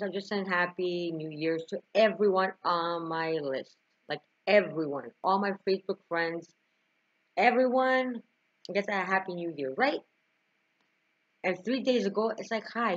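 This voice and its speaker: A young woman speaks to her camera in a lowish voice, telling a deeply personal story with feeling. The recording is dull and lo-fi, like a simple home setup. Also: a little slow. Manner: emotional, tearful at times, frequent laughs and sighs. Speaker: vlogger.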